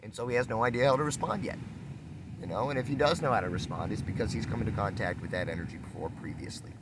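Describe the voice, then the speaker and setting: Low-voiced man musing outdoors. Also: fast talker, background noise. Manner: rambling, repetitive, acts out quoted exchanges. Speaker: spiritual speaker. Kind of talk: casual spiritual talk.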